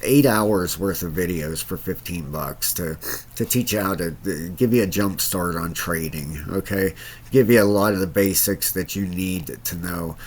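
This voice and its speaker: Deep-voiced man rambling through crypto charts. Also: moderate pace. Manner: rambling, many fillers and restarts. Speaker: crypto channel host. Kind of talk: casual screen-share market commentary.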